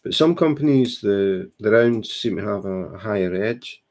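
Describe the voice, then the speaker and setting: Low gravelly Scottish man. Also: lively intonation, normal speed, darkish tone. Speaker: co-host, diamond painting hobbyist. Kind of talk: casual chat. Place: home, indoors.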